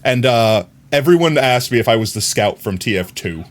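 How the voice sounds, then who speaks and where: A man's voice: mid-range voice, expressive, normal speed. A man with a mild New York accent, chatting casually as a streamer while he plays, rambling, repeating words and laughing often. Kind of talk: casual chat while gaming.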